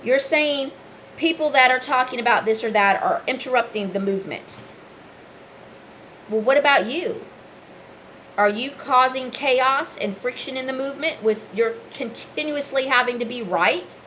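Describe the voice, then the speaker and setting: A woman's voice: high voice, a little slow, fairly bright tone, a little hiss or hum, poor audio. A woman vlogger giving a blunt, preachy monologue, firing off rhetorical questions. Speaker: vlogger, spiritual advisor. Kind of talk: unscripted opinion monologue.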